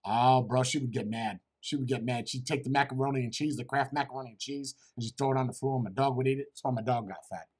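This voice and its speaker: A man's voice: mid-range voice, fast talker, few pauses, slightly rough. A middle-aged man telling crude, rambling comic stories to a live chat and swearing constantly. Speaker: comedian streamer.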